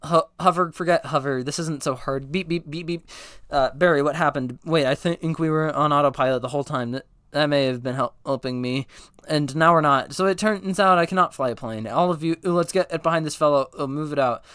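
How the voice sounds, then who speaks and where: A man racing through a whole movie script aloud, reading every part himself, stumbling over words and correcting himself in a deadpan way. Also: on the high side, brisk, clean tone, dry recording, clean studio sound. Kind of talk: rapid comedic script read-through, all parts.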